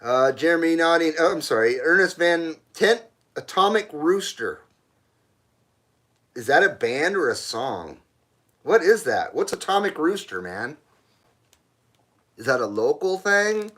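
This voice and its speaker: A man's voice: on the high side, sing-song, measured pace, long pauses, a bit bright. A middle-aged man hosting a casual live stream, reading viewers' messages aloud and answering bluntly, with frequent swearing and laughter. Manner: blunt, profane, laughs often.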